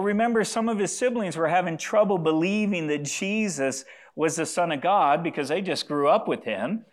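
A pastor delivers an earnest sermon in a fairly high male voice. He leans on repetition, circling back to key phrases, and invites the congregation to say lines aloud with him.

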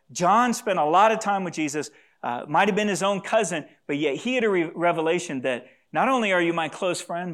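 A man preaching a sermon to a congregation, earnest and repeating key phrases for emphasis, sometimes asking listeners to say lines back to him. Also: on the high side. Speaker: pastor.

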